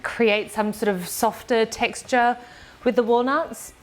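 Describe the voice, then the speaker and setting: A woman's voice: on the high side, steady tone, slow. A woman co-hosting a casual cooking chat in her home kitchen, explaining each step plainly with fillers and the odd giggle. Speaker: cooking show co-host.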